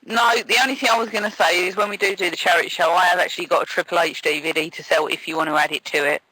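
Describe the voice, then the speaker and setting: A man with an English accent co-hosting a casual radio show, teasing his partner with quick questions. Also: sits high, steady tone, sharp tone, dry recording, poor audio. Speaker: radio co-host. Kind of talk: casual chat.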